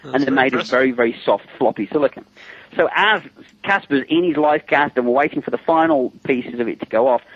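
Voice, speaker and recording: Husky-voiced man telling stories. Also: medium pitch, fast, dry recording. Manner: chatty and amused, laughing between stories. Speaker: interview guest, special effects makeup artist. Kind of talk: casual anecdotal storytelling. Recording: dull lo-fi recording.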